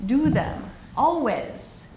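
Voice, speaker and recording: Slow, calm woman guiding yoga in a roomy space. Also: high-pitched, a little hiss or hum. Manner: slow, soothing spoken cues. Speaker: yoga teacher. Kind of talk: guided yin yoga class. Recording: roomy echo with faint ambience.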